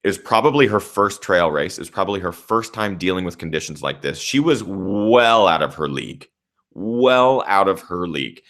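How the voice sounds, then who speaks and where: A young man, a trail runner and channel host, recapping a race in casual, animated storytelling, swearing freely. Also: low-pitched, moderate pace.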